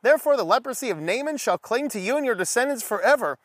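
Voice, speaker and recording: A high-voiced man gives a loose, animated Bible teaching and cracks jokes as he goes. He reads scripture aloud and slips into voices for the people in the stories. The sound is close and dry, with no room around it. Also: fast talker, dry recording. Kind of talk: casual Bible study talk.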